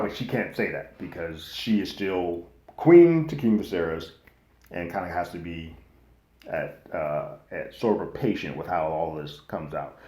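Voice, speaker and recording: Brief: low-voiced male host, casual slangy show recap, echoey room. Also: a little slow. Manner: slangy and animated, acting out quotes loosely. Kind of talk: casual episode recap and review.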